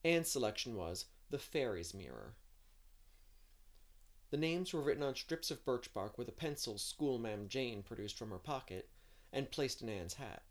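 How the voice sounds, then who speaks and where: A man reading a classic novel aloud in an expressive way, now and then adding a playful aside of his own. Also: medium pitch, normal speed. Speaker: audiobook reader.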